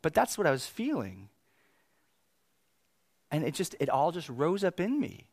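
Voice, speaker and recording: Man, 30s, preacher, lively sermon storyteller, higher voice, dry mic. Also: a little slow, no room sound. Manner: animated, swings between exasperated outbursts and quiet reflection.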